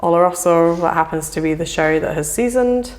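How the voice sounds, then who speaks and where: A woman's voice: on the low side, brisk, darkish tone. A woman in a casual interview, explaining at length in a chatty way, with fillers. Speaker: whisky brand representative.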